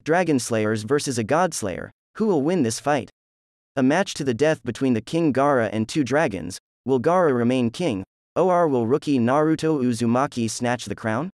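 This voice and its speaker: A man's voice: medium pitch, animated, moderate pace, darkish tone, no echo, clean studio sound, natural voice. A man reading a showy arena announcer. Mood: hyping. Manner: announcing to a crowd.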